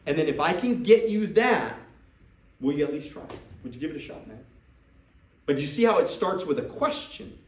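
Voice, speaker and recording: A man's voice: a little high, moderate pace, echoey room, recorded from a distance, a little hiss or hum, poor audio. A man coaching recruits in a live talk to a group, acting out sales dialogues. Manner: animated, acts out sales dialogues. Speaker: business trainer coaching recruits.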